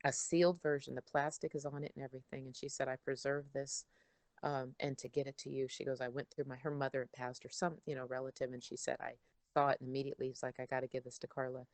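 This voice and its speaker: A middle-aged woman as an interview guest, chatting casually and telling animated stories. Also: rumbling low, quick pace, no echo. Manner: animated storyteller, acts out her father's voice. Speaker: interview guest, daughter of a songwriter.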